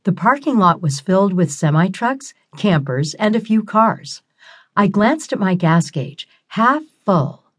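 A woman narrating a novel in the first person, in a wry, expressive storytelling manner. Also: mid-range voice, a little slow, husky. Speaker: audiobook narrator.

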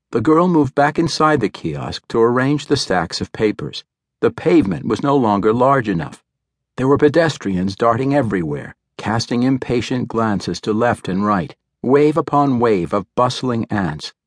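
A man narrating a novel as an audiobook reader, measured and expressive. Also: lowish voice, no echo. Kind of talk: scripted narration. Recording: dry studio recording.

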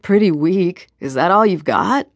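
A woman's voice: fairly low pitch, measured pace, no room sound. A woman voicing an easygoing young charmer. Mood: teasing. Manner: relaxed, affectionate, teasing. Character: charming young man, easygoing tour guide. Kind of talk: audiobook character voice.

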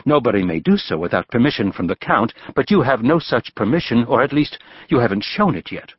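A man's voice: medium pitch, big pitch swings, a little fast, breathy edge, dry recording, highs cut off. A man voicing a haughty young steward's son in an audiobook, officious and indignant.

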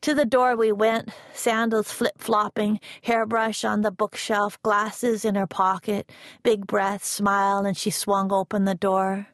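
A woman narrating a first-person novel as an audiobook, in a measured, unhurried reading. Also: medium pitch, level tone, dry recording, studio quality.

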